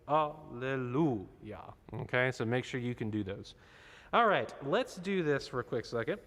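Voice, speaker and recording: A man directing a choir rehearsal, explaining parts and singing short demonstrations between instructions. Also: mid-range voice. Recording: reverberant room with instrument behind.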